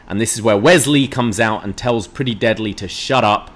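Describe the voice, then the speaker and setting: A man's voice: fairly low pitch, normal speed, hardly any pauses. Man, podcast co-host, recaps wrestling matches, quotes promos in funny voices. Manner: recaps events, mimics wrestlers' lines.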